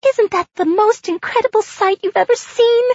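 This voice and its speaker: An exuberant little angel bursts with pride in a very high, squealing voice, as a woman reads her. The storybook sound is dull and dry, with no room around it. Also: moderate pace, no room sound. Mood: elated. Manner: gushing, high-pitched delight. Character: exuberant female angel, excitable and proud. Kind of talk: audiobook character voice. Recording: dull dry studio read.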